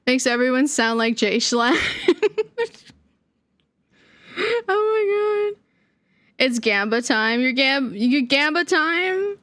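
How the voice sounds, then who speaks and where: Giggly high-voiced young woman streamer. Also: big pitch swings, slow, long pauses, a bit bright, no echo, clean studio sound. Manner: giggly, laughs often, trails off mid-sentence. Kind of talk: casual livestream chat.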